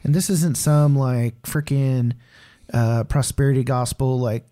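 A man's voice: medium pitch, steady tone, a little slow, warm tone. A man co-hosting a casual faith podcast, talking candidly and rambling, with lots of fillers like "dude" and "man.". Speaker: podcast co-host.

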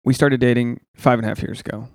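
A man's voice: mid-range voice, fairly even intonation, fast, no room sound, clean studio sound. A man hosting a podcast in casual chat, joking and teasing his guest. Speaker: podcast host.

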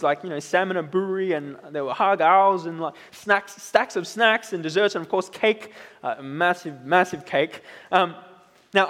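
A man in his thirties preaching a sermon in a relaxed, conversational way, often checking in with "right?". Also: sits high, long reverb tail. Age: 30s. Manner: conversational, tag questions like "right?".

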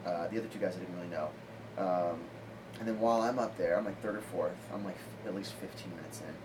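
A man's voice: low-pitched, quick pace. A male comedian telling a rambling, casual story, laughing often and filling his speech with "like.". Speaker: comedian guest. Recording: audible background noise.

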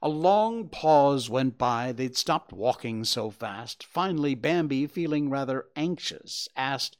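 A man reading a children's story aloud with expressive, gentle narration. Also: mid-range voice, takes it slowly, hardly any pauses.

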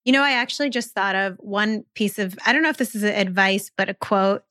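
A woman in her thirties co-hosting a podcast, talking in a relaxed, reflective way about spiritual signs and advice, often restarting her thoughts. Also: medium pitch, a little fast. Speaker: podcast co-host. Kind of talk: casual conversational podcast chat.

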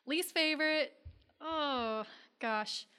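A woman chatting casually in a group, animated as she tells stories. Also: sits high, drawn-out words.

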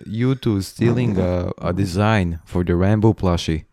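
Young man with a low, stammering voice. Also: measured pace, mellow, no echo, clean studio sound. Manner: stammering, restarts a lot. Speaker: podcast co-host. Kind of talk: casual chat.

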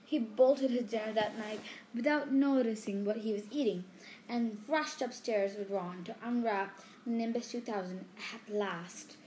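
A woman reading a storybook aloud, unhurried, with small slips. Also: a little high, a little mellow, a little hiss or hum. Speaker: reader.

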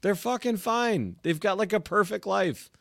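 A man's voice: high voice, expressive, moderate pace, gravelly, a bit bright, no room sound, studio quality. A man co-hosting a casual podcast, ranting with lots of swearing. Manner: profane, ranting. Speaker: podcast co-host. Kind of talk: casual chat.

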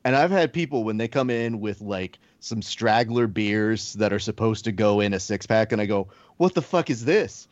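A man hosting a podcast, joking and animated, with some swearing. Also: on the low side, moderate pace, hardly any pauses, no echo, dull audio. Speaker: podcast host. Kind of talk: casual podcast chat.

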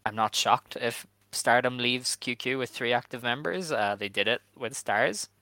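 A man hosting a casual podcast chat, talking in a relaxed, hedging way with lots of fillers. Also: medium pitch, moderate pace, dry recording, low-quality recording. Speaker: podcast host.

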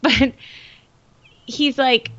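A woman chatting casually about a TV episode, animated and laughing, often mimicking characters. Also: sits high, very slow, no room sound. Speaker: podcast co-host. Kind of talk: casual TV recap chat. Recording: dull, lo-fi dry recording.

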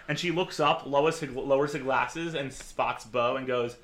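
A man leads a tabletop role-play as game master. His voice is bright and forceful, and he narrates loosely with many filler words. The sound is roomy and echoey. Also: medium pitch, moderate pace, few pauses.

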